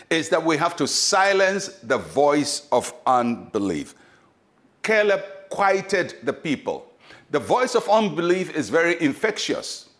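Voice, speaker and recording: A male pastor giving a short devotional sermon, emphatic and repetitive, urging listeners on. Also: a little high. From Ghana. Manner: emphatic, repetitive exhortation with acted quotes.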